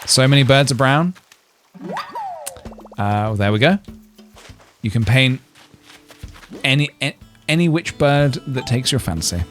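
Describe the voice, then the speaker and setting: A man in the middle of a casual game stream, jokey and rambling as he chats with viewers. His pitch rises and falls a lot. Faint music plays underneath his voice. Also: lively intonation, unhurried, pauses often, a bit bright. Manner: playful, jokey, rambling with frequent laughs and fillers. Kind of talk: casual gameplay livestream chat.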